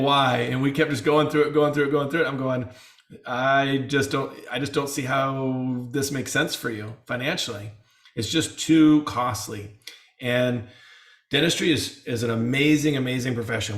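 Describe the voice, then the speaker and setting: A man's voice: medium pitch, a bit bright. A man coaching dentists in casual webinar talk, earnest, often repeating and restarting words. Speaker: dental practice coach. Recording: roomy echo.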